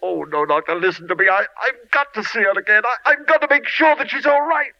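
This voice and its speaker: An actor playing an overwrought husband in 1940s radio acting style, emotional and pleading. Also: male voice, high-pitched, fast. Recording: muffled old radio drama recording.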